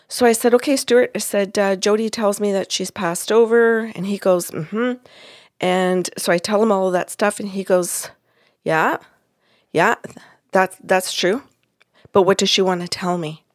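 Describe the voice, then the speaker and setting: A woman's voice: medium pitch, no echo, studio quality. A woman who works as a psychic medium, telling a story in conversation and acting out the dialogue. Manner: retells events with quoted dialogue.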